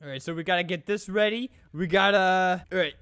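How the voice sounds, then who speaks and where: A man giving trolling commentary over online gameplay, talking hyper and yelling into the microphone. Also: high voice, fairly quick, clean tone, faint music behind. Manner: hyper, yells into the mic. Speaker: gaming YouTuber.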